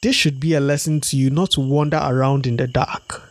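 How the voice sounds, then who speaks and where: A man voicing a clever male spider trickster in a storybook read-aloud, sounding smooth and persuasive. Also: medium pitch, steady tone, brisk, dry recording, close to an everyday voice. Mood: sly.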